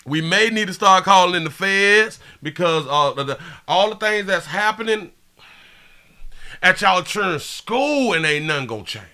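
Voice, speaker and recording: High, bright-voiced excitable stream host. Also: male voice, moderate pace. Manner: excitable, slangy, frequent laughs and repeated catchphrases. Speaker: livestream show host. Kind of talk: live stream commentary and chat shout-outs.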